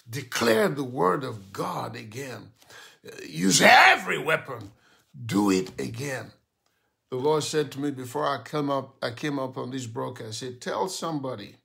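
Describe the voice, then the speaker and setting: A male pastor preaching a sermon, exhorting with repeated commands, shouting at times and dropping to a hush. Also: mid-range voice, gravelly. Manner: exhorting, repetitive commands, shouting then hushed.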